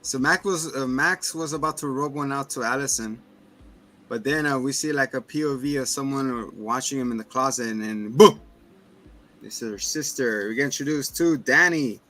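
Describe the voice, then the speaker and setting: A man's voice: mid-range voice, normal speed, a bit bright. A man co-hosting a casual movie review podcast, recapping the plot loosely with swearing and laughter. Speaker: podcast co-host.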